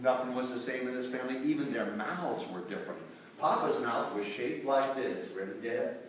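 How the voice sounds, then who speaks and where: A man telling a story to a school assembly, playful and lively, putting on voices for the characters and having the children repeat lines. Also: mid-range voice, normal speed, slight background noise. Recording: echoey hall from far off, children's crowd.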